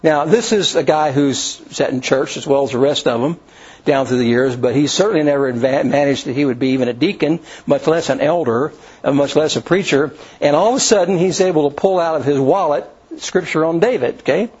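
A man's voice: fairly high pitch, brisk, a little mellow, slightly rough. A man preaching an informal sermon, retelling scripture in his own words with restarts and asides. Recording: dull lo-fi recording.

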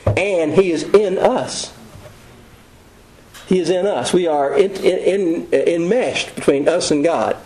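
Male preacher, slightly raised pitch, folksy conversational sermon delivery. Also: darkish tone, slight background noise, low-quality recording. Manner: conversational, folksy storytelling with quick asides.

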